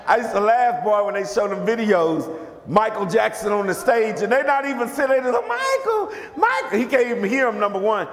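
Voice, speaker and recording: A man preaching a lively, conversational sermon as a bishop, calling out questions to his congregation. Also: high-pitched, roomy sound, in a large hall. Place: church.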